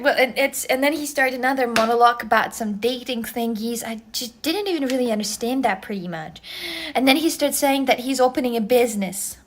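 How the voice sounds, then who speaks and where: A young woman from Russia telling a rambling story in casual chat, laughing often and swearing. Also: on the high side. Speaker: streamer.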